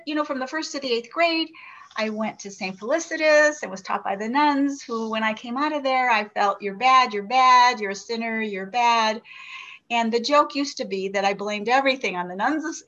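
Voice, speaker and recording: A woman's voice: high voice, fairly bright tone. Earnest older woman sharing her story. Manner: earnest and reflective, with frequent restarts and questions to herself. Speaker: member sharing at a recovery meeting. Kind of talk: personal recovery share. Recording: dull lo-fi recording.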